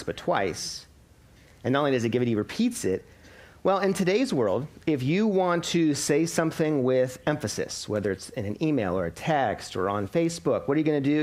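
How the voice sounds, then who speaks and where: A man's voice: medium pitch, darkish tone. A man in his thirties preaching a sermon as a pastor, explaining scripture and posing rhetorical questions to his congregation.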